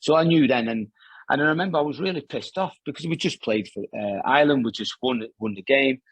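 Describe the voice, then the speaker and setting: A man's voice: mid-range voice, quick pace, breathy edge, no echo. A man, a former professional footballer, telling rambling anecdotes in a casual interview, full of restarts and fillers.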